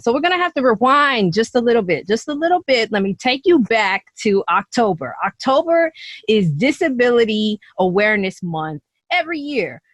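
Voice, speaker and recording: A woman's voice: medium pitch, dry recording. A woman hosting a podcast, upbeat and playful, chatting casually with a guest over a call. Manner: upbeat, playful, laughs often. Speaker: podcast host.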